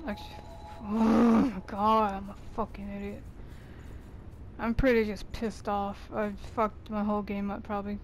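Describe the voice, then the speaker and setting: A woman's voice: mid-range voice, level tone, moderate pace, slight background noise. A woman commenting on her own video game playthrough, swearing heavily and ranting in exasperation. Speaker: gamer. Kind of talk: let's play commentary. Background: game music.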